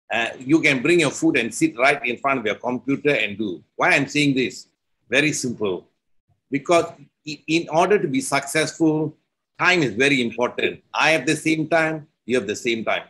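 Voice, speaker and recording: Animated man telling a moral story. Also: medium pitch. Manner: lecturing, folksy, animated storyteller. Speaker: company co-founder and CEO, speaker. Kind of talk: motivational speech with a story.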